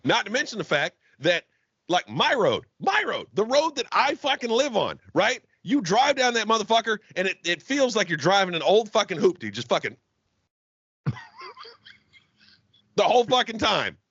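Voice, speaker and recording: A man with a high, gravelly, breathy voice rants on a comedy podcast, swearing freely and shouting in bursts. His tone is sharp and bright, and his pitch swings widely. The sound is dry and a little muffled. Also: wildly swooping pitch, unhurried, no echo. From Florida. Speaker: podcast co-host. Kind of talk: comedic rant.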